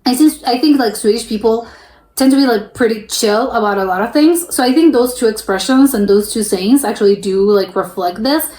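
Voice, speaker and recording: A young woman from the United States talks casually as she reacts on camera, thinking out loud. Her voice sits a touch high. She often stops and restarts her sentences, and the room gives her voice a noticeable echo. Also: brisk. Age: young adult. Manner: chatty, thinks aloud, many fillers and restarts. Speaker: reaction video host.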